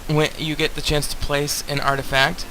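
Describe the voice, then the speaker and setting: A man's voice: on the high side, level tone, normal speed, sharp tone, slight background noise, low-quality recording. A young man casually commenting on a video game as he plays, rambling and talking straight to his viewers. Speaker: let's play host.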